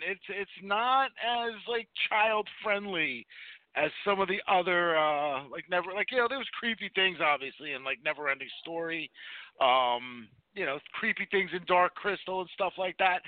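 A man's voice: high-pitched, moderate pace, no room sound, narrow, tinny audio. A man co-hosting a horror podcast in casual chat, swearing freely and ranting with energy. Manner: profane, animated ranting. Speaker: podcast co-host.

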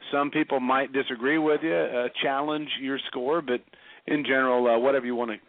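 A man co-hosting a talk show, explaining a format in a deliberate, slightly formal way. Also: medium pitch, fairly even intonation, no echo. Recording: dry tinny phone-line audio.

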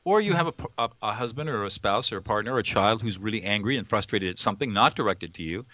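Male mediator as interview guest, bright, emphatic, explains like a lecturer. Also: on the low side, expressive, quick pace, no room sound, dull audio.

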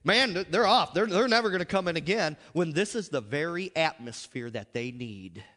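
Animated American preacher, high lively voice. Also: male voice, normal speed. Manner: emphatic, joking, dramatic swings in volume. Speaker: pastor. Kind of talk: revival sermon. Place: large church sanctuary. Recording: long hall reverb.

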